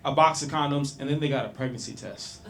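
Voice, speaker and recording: A man's voice: mid-range voice, quick pace, a bit bright. A man from Long Beach, California doing a loose, profane stand-up set at an open mic, bantering with the crowd. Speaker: stand-up comedian. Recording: small club with faint noise.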